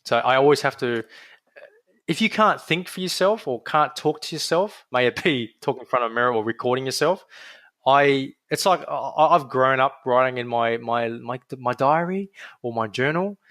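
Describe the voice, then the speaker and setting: A young adult man with an Australian accent, a podiatrist guest talking in a casual, energetic interview with frequent restarts. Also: mid-range voice, moderate pace, no room sound.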